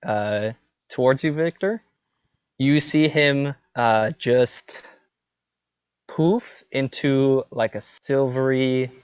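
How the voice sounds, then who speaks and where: A man runs a tabletop game at an unhurried pace and a mid pitch. His narration is loose and full of fillers. The audio is dull and dry, with no room sound. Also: clean tone, dry recording. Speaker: game master.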